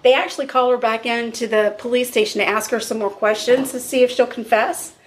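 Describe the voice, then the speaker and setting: A woman's voice: fairly high pitch, fairly even intonation, a little fast, a little hiss or hum. A woman hosting a podcast, casually telling a true crime case in a blunt, chatty way. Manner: conversational, blunt, laughs often. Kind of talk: casual storytelling.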